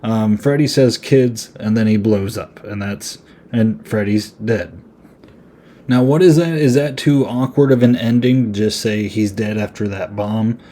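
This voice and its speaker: A man's voice: lowish voice, a little slow, mellow. A young man hosting a podcast, giving a casual, rambling movie review full of fillers and sarcastic asides. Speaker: podcast host.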